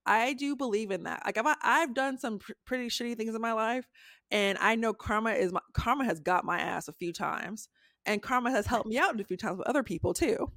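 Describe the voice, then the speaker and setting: A woman's voice: fairly high pitch, fairly quick, a bit bright, dry recording, studio quality. A young adult woman, a podcast co-host, retelling a story in casual chat, acting out quotes in a raised voice and swearing freely.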